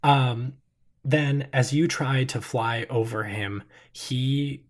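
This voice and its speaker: Slow, measured male game master. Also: mid-range voice. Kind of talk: narrating a tabletop game.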